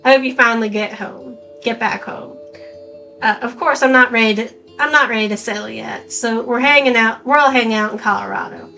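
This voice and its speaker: A woman voicing a young female drifter reading her letter aloud in a put-on Southern US accent, halting as she reads. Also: on the high side, creaky, bright, forceful tone, faint music behind, low-quality recording. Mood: affectionate.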